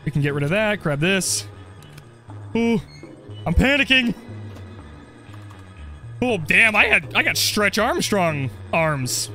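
A young man commenting on his game play, joking and getting excited as he goes. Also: high voice, normal speed, few pauses, faint music behind. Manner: jokey, excitable, role-plays as the character. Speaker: gaming video creator.

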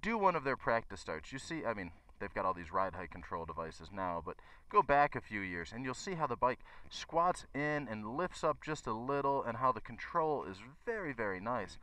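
A man's voice: medium pitch, very animated, normal speed, few pauses, bright, forceful tone. A man who runs a motorcycle shop, giving a chatty, enthusiastic bike review to his viewers. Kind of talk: casual bike review vlog.

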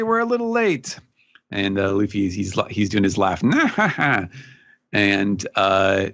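A man's voice: lowish voice, a bit bright. A man on a podcast recapping a comic chapter casually, hesitant and full of fillers. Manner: rambling, filler-heavy, hesitant. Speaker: podcast panelist.

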